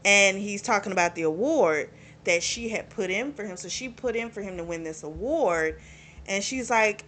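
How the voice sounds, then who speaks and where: A woman's voice: medium pitch, sing-song, unhurried, a bit bright. A woman casually retelling a novel's plot for her book channel, chatty and quoting the characters as she goes. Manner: chatty, retells plot with quoted dialogue and laughs. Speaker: book reviewer.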